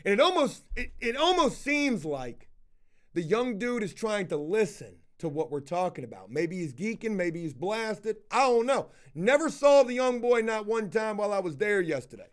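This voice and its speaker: A man with a high voice talks on a casual live stream. He is profane and animated, and he tells a story while shouting out viewers in the chat. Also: normal speed.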